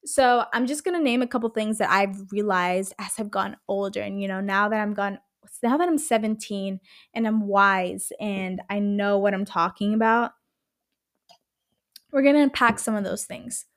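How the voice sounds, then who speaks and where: A woman hosting her own podcast, talking casually in an animated, rambling way and swearing a lot. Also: mid-range voice, moderate pace, dry recording, clean studio sound. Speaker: podcast host. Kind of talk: casual solo podcast chat.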